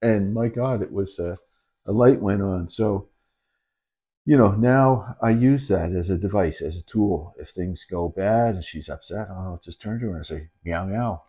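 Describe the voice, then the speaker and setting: A middle-aged man, a dementia caregiver, talking candidly and haltingly in a reflective personal video, with many restarts. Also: low-pitched, warm tone, slightly rough. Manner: earnest and candid. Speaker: dementia caregiver and channel host. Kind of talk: reflective personal talk to camera.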